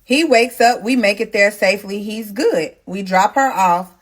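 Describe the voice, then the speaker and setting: This is a young pregnant woman in a casual storytime, talking straight to her viewers. She is animated and blunt and swears freely. Her voice sits at a middle pitch for a woman. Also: normal speed. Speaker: storytime host.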